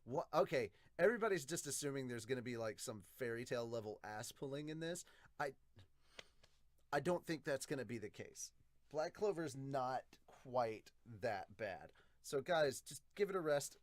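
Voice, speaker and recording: A man with a mid-range voice hosts an anime podcast and reads viewer comments in a relaxed, chatty way. He swears now and then and laughs easily. His voice is recorded close and dry, with no room sound. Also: medium pitch, dry recording. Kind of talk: casual comment-reading review.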